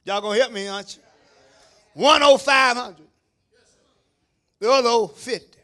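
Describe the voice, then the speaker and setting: A man preaching a sermon as pastor, shouting at the peaks and dropping into low asides to the congregation, calling on them to answer. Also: moderate pace. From Kentucky, USA. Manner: call-and-response preaching, calls on the congregation. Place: church sanctuary.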